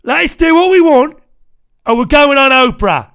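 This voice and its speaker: A man doing a rough mock-Cockney gangster voice for a young royal who makes crude threats. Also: very high-pitched, animated, a little slow, voice pushed up, exaggerated voice. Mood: menacing. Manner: menacing, crude, shouting.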